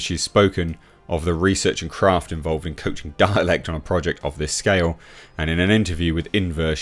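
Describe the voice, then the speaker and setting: A man from England, reading out an article and mocking it in opinionated commentary, laughing and restarting often. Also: a bass voice. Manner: scoffing, laughs at what he reads, many restarts. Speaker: YouTube reviewer.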